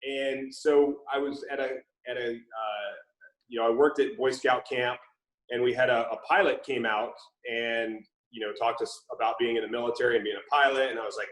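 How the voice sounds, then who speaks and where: A middle-aged man from Mississippi with a faint Southern accent, a former Navy SEAL telling stories in a relaxed way with many fillers during an interview. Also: medium pitch, normal speed, echoey room, poor audio. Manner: relaxed storytelling with frequent fillers. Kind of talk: casual interview conversation.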